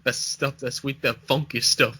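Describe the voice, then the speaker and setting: A man's voice: medium pitch, little pitch movement, moderate pace, pushed and bright, breathy edge, no room sound. A young man co-hosting a casual chat show, cracking crude jokes and laughing often. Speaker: podcast co-host.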